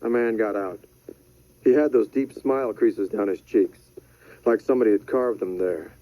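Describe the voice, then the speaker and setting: A man narrating a thriller audiobook in a measured, deadpan manner. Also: on the low side. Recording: dry, slightly dull studio audio.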